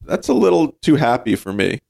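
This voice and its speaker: A man co-hosting a podcast, trading wry jokes in casual chat. His voice sits at an ordinary middle pitch. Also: sing-song, fairly quick, gravelly, darkish tone. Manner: wry, joking and laid-back. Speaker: podcast co-host.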